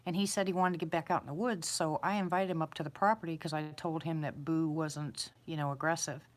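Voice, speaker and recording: A woman's voice: sits low, steady tone, fairly quick. A woman casually telling a personal story, rambling, repeating herself and chuckling. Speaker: eyewitness storyteller.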